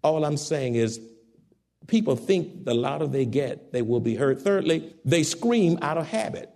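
A man delivers a sermon in a gravelly, slightly higher voice. His pitch swings widely as he moves from fervent, ringing exhortation to quiet, low-spoken asides. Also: very animated, unhurried. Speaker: preacher.

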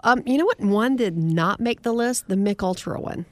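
A woman from South Carolina with a Southern US accent hosts a podcast in a lively, joking way. Her voice sits at a middle pitch. The sound is dry and close to the mic. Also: moderate pace, dry recording. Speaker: podcast host. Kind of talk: casual chat.

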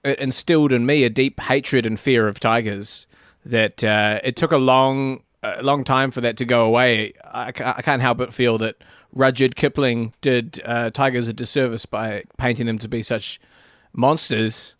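Deadpan, dry-witted man. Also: medium pitch, normal speed, dry recording. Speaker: podcast co-host. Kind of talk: casual comedic chat.

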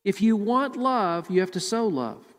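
A man's voice: high-pitched, very animated, a little slow, big-room sound. A male pastor delivering a sermon emphatically, often repeating words as he preaches. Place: church sanctuary.

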